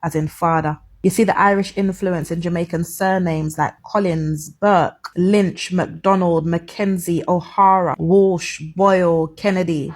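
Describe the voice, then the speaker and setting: Woman, scripted commentary, measured and earnest, husky tone, lowish pitch. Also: a little mellow.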